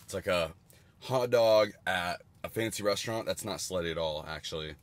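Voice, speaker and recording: Crude rambling young man, lowish voice. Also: moderate pace. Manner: rambling, crude and jokey, with bursts of excitement. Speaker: streamer reviewing candy. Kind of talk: casual livestream food review.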